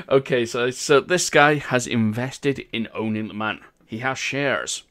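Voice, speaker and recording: A chatty man with a Welsh accent hosts a game live stream. He talks in a casual, upbeat way and laughs a lot. His voice sits at an everyday middle pitch. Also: slow pace, fairly bright tone.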